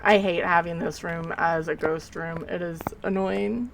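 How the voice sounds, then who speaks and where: A woman's voice: lowish voice, steady tone, measured pace, creaky, slight background noise, low-quality recording. A woman streamer talking casually to her viewers while she plays, rambling and sleepy, yawning between remarks. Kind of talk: casual live gameplay commentary.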